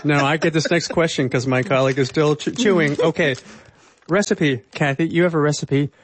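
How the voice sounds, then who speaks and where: A man's voice: a little high, fairly quick, breathy edge. A man co-hosting a radio show, joking in a dry way. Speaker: radio host. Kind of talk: casual radio chat.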